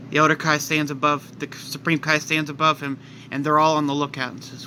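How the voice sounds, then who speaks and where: Male fan-fiction narrator, casual, present-tense retelling, bright and slightly high voice. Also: little pitch movement, a little fast, slight background noise. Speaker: storyteller.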